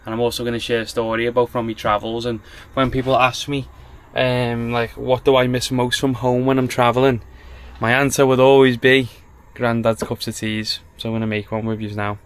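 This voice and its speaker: A man's voice: medium pitch, flat delivery, fairly quick, clean tone. A young man, chatting casually to camera in a campervan, rambling with lots of fillers. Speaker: travel vlogger. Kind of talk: casual vlog chat to camera. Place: inside a small campervan.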